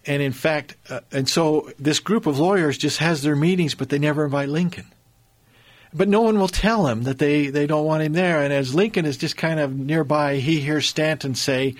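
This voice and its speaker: A man's voice: a little high, moderate pace. A man telling history stories in conversation, earnest and building emphasis, with frequent restarts. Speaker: guest storyteller on history.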